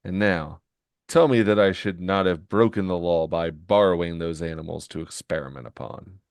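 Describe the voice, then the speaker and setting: A man's voice: deep voice, moderate pace, no room sound, studio quality. A man reading as a smug, gloating villain. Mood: persuasive. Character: scheming gloating male villain in disguise.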